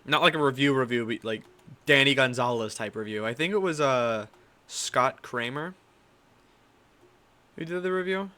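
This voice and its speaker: A man's voice: mid-range voice, normal speed, pauses often, pushed and bright. A young man hosting a podcast, chatting casually with crude, rambling, self-correcting talk. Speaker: podcast host.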